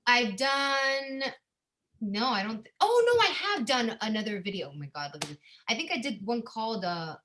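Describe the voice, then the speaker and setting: A woman guest, an actress, chatting casually in an interview, bubbly and quick to laugh, with lots of fillers. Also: on the high side, sing-song, fairly bright tone, slight background noise.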